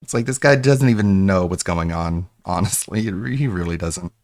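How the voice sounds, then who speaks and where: A man's voice: low voice, moderate pace, a little mellow. Dude on stream roasting a guy, sarcastic and disbelieving. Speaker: streamer, commentator. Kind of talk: mocking stream commentary.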